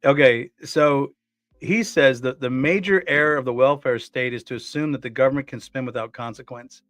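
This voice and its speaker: A man's voice: medium pitch, normal speed, fairly bright tone, dry recording. A man co-hosting a casual podcast, talking in a rambling way with many restarts and fillers. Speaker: co-host.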